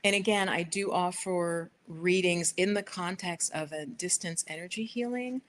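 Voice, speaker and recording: A middle-aged woman chats her way through a relaxed livestream from her living room sofa, her voice sitting a little low. She rambles warmly to viewers between card pulls, and a faint room hum sits behind her laptop mic. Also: moderate pace. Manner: chatty, rambling, talks to her dog and viewers. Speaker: livestream host giving tarot readings. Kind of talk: casual livestream chat.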